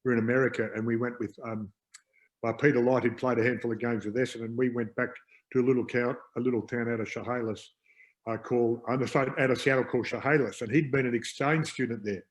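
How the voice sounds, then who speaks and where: A man's voice: mid-range voice, steady tone, fast talker, rough recording. An Australian man, a guest and former pro footballer, chatting on a video call in an upbeat, rambling way with many fillers. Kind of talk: casual chat on a video call.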